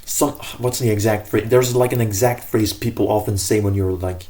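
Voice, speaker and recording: Earnest male vlogger, low and warm, talks in loose restarts. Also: fairly even intonation, normal speed, hardly any pauses. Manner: earnest, rambling, self-correcting. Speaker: self-improvement vlogger. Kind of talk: casual advice monologue.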